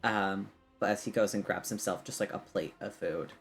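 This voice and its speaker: A man's voice: on the low side, fairly even intonation, normal speed, gravelly, faint music behind. A man narrating and ruling as game master in a tabletop game, casual with many fillers.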